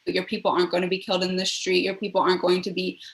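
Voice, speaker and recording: A woman's voice: fairly low pitch, completely flat delivery, racing, creaky, roomy sound. A woman panelist on a video call, talking things through reflectively and using lots of "like" fillers. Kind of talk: casual panel discussion.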